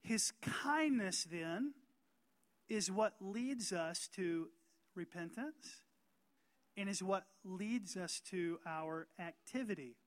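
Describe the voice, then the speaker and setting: Male pastor from North Carolina, emphatic preacher who leans on slow stressed words and questions to the room. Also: high voice, expressive. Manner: emphatic, asks the congregation rhetorical questions, slows down to stress words. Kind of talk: sermon.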